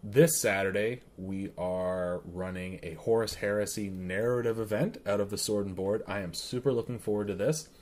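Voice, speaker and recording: A man's voice: fairly low pitch, moderate pace, few pauses, a little mellow. A man co-hosting a podcast in casual chat, playful and enthusiastic. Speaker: podcast co-host.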